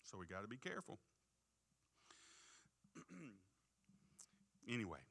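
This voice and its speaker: A man preaching a sermon in church, reading scripture slowly and with emphasis and often asking the congregation "Amen?". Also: mid-range voice, very animated, pushed and bright. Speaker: pastor. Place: church sanctuary.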